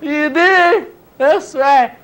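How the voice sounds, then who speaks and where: A high, whining strung-out junkie, as a man acts him out in a stand-up routine. He drawls his complaints slowly, lets his voice break into sobs, then flares into shouts. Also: heavily acted, rough recording. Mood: self-pitying. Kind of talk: stand-up character bit.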